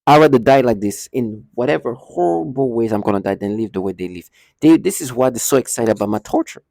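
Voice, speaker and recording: Man, agitated ranting vlogger, darkish mellow voice, repeats and restarts a lot, dry sound. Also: mid-range voice, lively intonation, a little fast, gravelly, no room sound. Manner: indignant, repetitive, frequent restarts and stumbles. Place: indoor building hallway.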